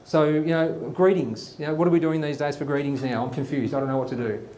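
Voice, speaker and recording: A man's voice: on the high side, steady tone, fast, darkish tone, roomy sound, a little hiss or hum. A man hosting a live comedy show, telling rambling stories with lots of fillers. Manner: rambling, chatty, many fillers. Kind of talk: live stand-up storytelling. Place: studio before a live audience.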